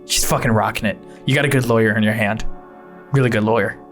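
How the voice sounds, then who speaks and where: A man's voice: fairly low pitch, fairly even intonation, fast, a bit bright, faint music behind, voice pushed down, close to an everyday voice. A man voicing a brash, crude companion who swears while cheering a friend on. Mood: hyped. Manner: crude, enthusiastic.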